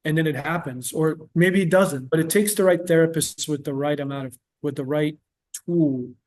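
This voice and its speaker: A man's voice: fairly high pitch, normal speed, a little mellow. A man working as a therapist, talking in a casual interview and explaining earnestly with patient examples.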